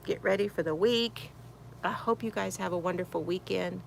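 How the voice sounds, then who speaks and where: Gravelly-voiced woman hosting a crochet livestream. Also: on the low side, moderate pace, a little hiss or hum. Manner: chatty, greets viewers and reads chat comments aloud; laughs often. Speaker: crochet channel host. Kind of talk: casual livestream chat. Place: she shed.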